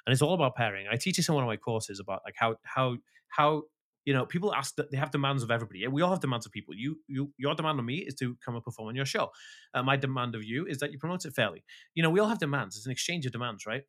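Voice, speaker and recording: A man talking as a podcast guest, animated and emphatic, swearing freely. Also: medium pitch, rapid-fire. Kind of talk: casual interview talk.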